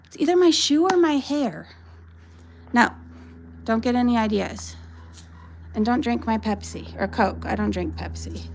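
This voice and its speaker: A woman's voice: fairly high pitch, a little slow, creaky, pauses often, slight background noise. A woman in her thirties chatting casually on a backyard livestream, talking to her dog and her viewers and laughing often. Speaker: vlogger livestreaming. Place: backyard outdoors.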